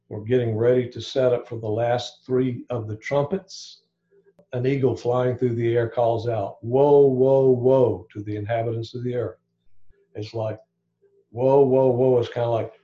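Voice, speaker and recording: A man's voice: mid-range voice, dark tone, lo-fi sound. A man giving an informal evening Bible study, thinking aloud with frequent restarts and asides.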